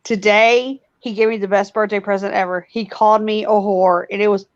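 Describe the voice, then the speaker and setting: A woman's voice: medium pitch, steady tone, a little fast, dry recording, lo-fi sound. A woman chatting casually and bluntly with friends. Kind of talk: casual chat.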